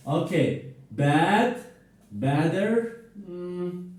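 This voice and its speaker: Guy teaching grammar in a classroom, slow encouraging delivery, super echoey and far from the mic. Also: fairly high pitch, very animated, a little mellow. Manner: slow, encouraging, repeats words for students. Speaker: English teacher.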